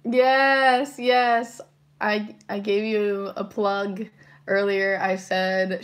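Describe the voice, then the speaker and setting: Giggly slow-talking woman livestreaming. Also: fairly high pitch. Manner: giggly, chatty, reacts excitedly to viewer comments. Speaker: livestream tarot reader. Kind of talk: casual livestream chat reading comments.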